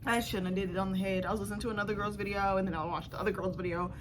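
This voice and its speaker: This woman speaks very fast in a mid-range, steady voice as she chats nervously to herself and viewers in a casual beauty vlog from home. The background is noisy, and the mic is a camera set up nearby.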